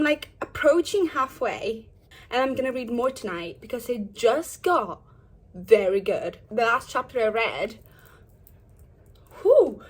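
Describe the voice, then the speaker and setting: A young woman in her twenties talks through her reading in a casual home vlog. She is bubbly and animated, recorded on a camera mic indoors. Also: on the high side, slightly rough. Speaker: book vlogger.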